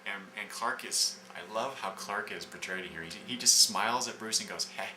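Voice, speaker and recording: Deep-voiced man rambling through a review. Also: normal speed, bright, forceful tone. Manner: rambling, many fillers and restarts. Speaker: comic book reviewer. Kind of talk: casual review, retelling scenes. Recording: echoey room with background noise.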